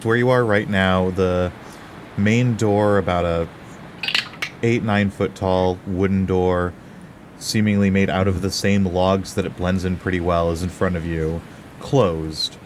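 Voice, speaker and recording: A man's voice: low voice, steady tone, a little slow, background noise. A man narrating as game master of a tabletop game in a casual, loose way.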